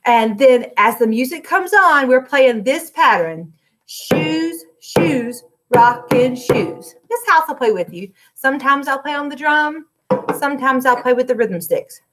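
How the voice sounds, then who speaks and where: A woman's voice: sits high, lively intonation, normal speed. A woman music teacher, recording a lesson for young children from her classroom, clapping and chanting rhythms and breaking into short sung lines.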